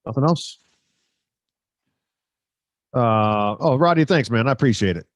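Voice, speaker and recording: A man's voice: medium pitch, animated, a little slow, no room sound. Rambling, joking middle-aged man, dry close mic. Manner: rambling, joking, self-mocking. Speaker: sportscaster hosting a live stream. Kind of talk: casual live-stream chat reading viewer comments. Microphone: close microphone.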